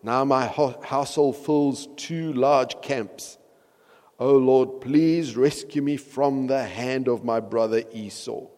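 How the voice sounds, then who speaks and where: A man's voice: medium pitch, fairly even intonation, slow, darkish tone, long reverb tail, voice pushed up, natural voice. A man voicing a frightened man who prays earnestly and with strong emphasis. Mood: pleading. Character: frightened man pleading with God.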